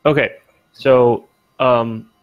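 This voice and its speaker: A man's voice: medium pitch, steady tone, extremely slow, dull audio, over music. A man narrating a tabletop game as game master, rambling with fillers and restarts.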